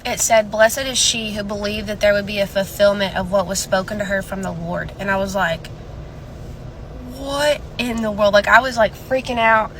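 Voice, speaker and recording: A woman with a middle-pitched voice shares a personal spiritual experience, speaking quietly and earnestly into a phone camera. Faint noise sits in the background. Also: steady tone, fairly quick, hardly any pauses, poor audio. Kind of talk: personal testimony.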